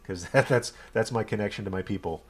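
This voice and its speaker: Chatty Texan rabbi streaming live. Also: male voice, fairly low pitch, a little fast, slightly rough. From Texas. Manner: rambling, chatty, self-deprecating. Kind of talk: casual live-stream chat.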